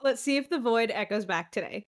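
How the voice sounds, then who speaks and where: A woman co-hosting a casual podcast, teasing her friend with dry corrections. Her voice sits a little high and stays relaxed and conversational. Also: a little fast. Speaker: podcast co-host. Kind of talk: casual chat.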